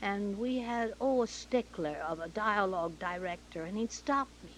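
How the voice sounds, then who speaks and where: A Canadian-born woman telling stories of her career in an interview, bringing the people in them to life through their dialogue. Her voice sits at a middle pitch for a woman. A faint hum of noise runs under the recording. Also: moderate pace, low-quality recording. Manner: lively storyteller acting out quoted dialogue. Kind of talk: anecdotal storytelling.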